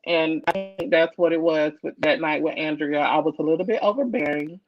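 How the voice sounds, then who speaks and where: A woman's voice: sits low, brisk, no echo, soft background music. A woman, a comic editor, chatting casually on a video call and telling stories bluntly and emphatically. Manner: blunt, emphatic, animated storytelling. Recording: dull dry lo-fi call audio.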